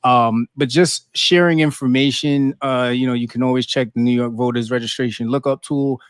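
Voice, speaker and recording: Chill guy cohosting a podcast, mid pitch, dry close sound, says you know a lot. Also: normal speed, smooth, no room sound. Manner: relaxed, lots of fillers like "you know". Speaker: podcast co-host. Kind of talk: casual chat.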